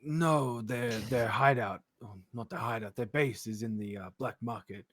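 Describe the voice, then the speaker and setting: A man's voice: mid-range voice, normal speed, fairly bright tone, no echo, studio quality. A man playing a tabletop game, chatting casually and joking. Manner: joking, laughing often. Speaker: player.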